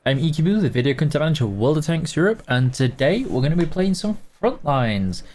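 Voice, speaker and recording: A man's voice: a little high, big pitch swings, a little fast, a little mellow. Tired, chatty male game streamer. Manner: greets viewers by name, chatty and easygoing. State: tired and yawning. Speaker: game streamer reading chat. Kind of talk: casual live gameplay stream.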